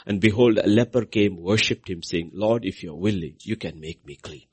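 A man preaching a sermon, repeating key phrases and swinging his voice from soft lows to loud highs for emphasis. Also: normal speed, breathy edge.

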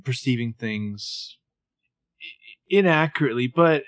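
Lively-voiced man joking dryly. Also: medium pitch, measured pace, no room sound. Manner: hedging, jokey commentary. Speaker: podcast co-host recapping a TV show. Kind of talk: casual chat.

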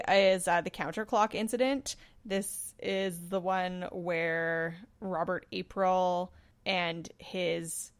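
A woman co-hosting a podcast, chatting casually about episodes, joking and laughing often. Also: medium pitch. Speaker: podcast co-host. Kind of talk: casual discussion.

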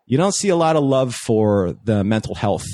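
A man's voice: mid-range voice, big pitch swings, moderate pace, mellow, no echo, studio quality. A man casually telling a long story, with restarts and quoted dialogue along the way.

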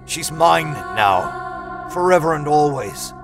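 A man voicing a menacing, unhinged man who talks in low, slow, ominous mutters. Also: lively intonation, vocal fry, over music, full character voice. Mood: eerie.

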